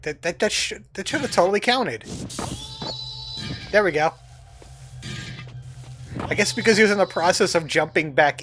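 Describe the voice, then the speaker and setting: A man casually commentating a video game he is playing, chatty and jokey, often reading the game's text aloud. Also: on the high side. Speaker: let's play host. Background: game music.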